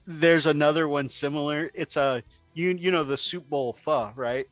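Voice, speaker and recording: A man hosting a casual chat, joking and chiming in with quick affirmations. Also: a little high, fairly even intonation, dry recording, soft background music. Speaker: host.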